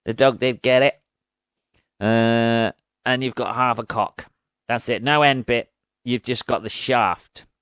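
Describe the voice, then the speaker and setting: A man's voice: mid-range voice, fairly bright tone, smooth, dry recording, studio quality. Crude rambling man, podcast host. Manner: crude, rambling, laughs at own jokes. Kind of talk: casual comedic monologue.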